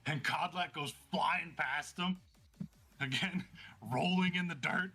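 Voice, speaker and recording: Excitable man narrating a tabletop fight. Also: on the high side, slow, slightly rough. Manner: excitable, laughing, vivid play-by-play. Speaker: game master.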